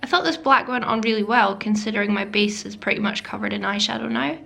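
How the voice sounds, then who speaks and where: A woman's voice: mid-range voice, fast talker, vocal fry, fairly bright tone. A woman narrating a makeup tutorial voice-over, chatty and self-deprecating, sometimes dropping to a whisper. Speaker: beauty vlogger. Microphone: voice-over mic.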